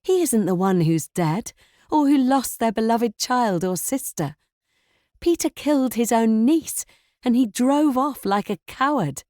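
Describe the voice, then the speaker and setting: A woman narrating a thriller audiobook in first person, tense and measured. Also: on the high side, expressive, darkish tone, no echo, clean studio sound.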